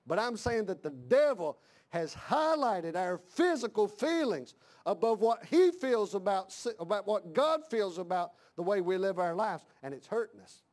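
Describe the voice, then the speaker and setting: A middle-aged male pastor preaching a fiery sermon in a church, repeating his lines and rising to shouted emphasis. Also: sits high, lively intonation, moderate pace.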